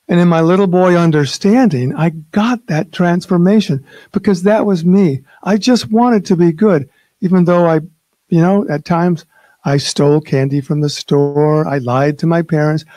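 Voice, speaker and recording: A man's voice: fairly high pitch, warm tone, dry recording. An older man giving a reflective personal talk at a spiritual open mic, speaking hesitantly with restarts.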